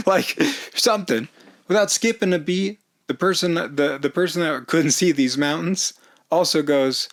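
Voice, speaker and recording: A man telling a comedic personal story in an animated, self-mocking way, laughing often. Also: fairly high pitch, moderate pace. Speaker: storyteller vlogger.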